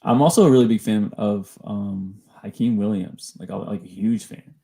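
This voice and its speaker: A man's voice: fairly low pitch, normal speed, vocal fry, mellow. A man co-hosting a casual sports podcast, enthusiastic and analytical, with many fillers. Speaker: podcast co-host.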